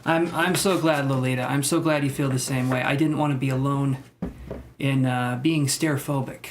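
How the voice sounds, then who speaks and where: On a live stream, a man reads tarot cards for viewers, chatting casually, joking, and poking fun at himself while out of breath. His medium-pitched voice is steady at a normal speed, against a noisy background.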